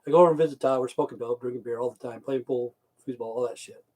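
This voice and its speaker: Profane rambling man, soft low-key voice. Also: quick pace. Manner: crude, swearing, repeats himself. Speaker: livestream host.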